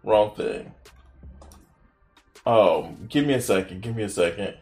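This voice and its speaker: A man's voice: on the low side, unhurried, gravelly, darkish tone, soft background music. A man hosting a reaction video, talking in a casual, profane and incredulous way, mocking and laughing at what he watches.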